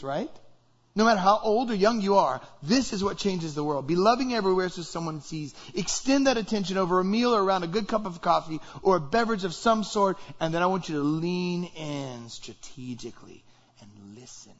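Husky-voiced man preaching a sermon. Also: high-pitched, expressive, a little fast, dull audio. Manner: conversational, acts out example dialogues. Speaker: pastor.

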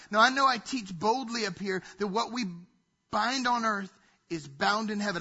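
A pastor preaches a sermon from a church stage, his high voice sharp in tone and his speed normal. He delivers it emphatically and repetitively, and the recording has a dull, lo-fi sound.

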